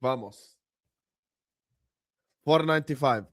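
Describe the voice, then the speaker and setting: A man hosting a football watchalong livestream, excitedly chanting and urging viewers to subscribe. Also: mid-range voice, unhurried, pauses often, dry recording, clean studio sound. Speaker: livestream host. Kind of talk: hyped watchalong livestream chat.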